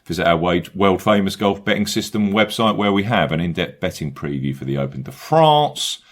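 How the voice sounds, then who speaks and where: A man with a very low, deep voice hosts a golf betting podcast. He runs through the sponsor and promo lines briskly and upbeat, then eases into relaxed banter with his co-hosts. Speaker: podcast host.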